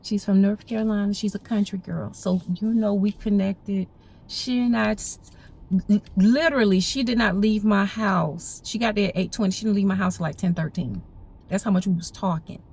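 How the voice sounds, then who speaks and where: A woman's voice: medium pitch, fairly even intonation, normal speed, husky. A woman telling a story casually to her camera, chatty and rambling, full of fillers and repeated "I said". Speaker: vlogger. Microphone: camera recording. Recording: loud background noise, vehicle sounds.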